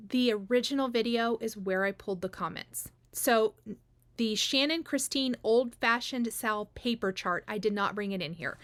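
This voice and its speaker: A woman's voice: on the high side, a bit bright. A woman cross stitch vlogger chatting casually to her viewers, frank and talkative, with frequent ums and restarts. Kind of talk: casual chat announcing giveaway winners.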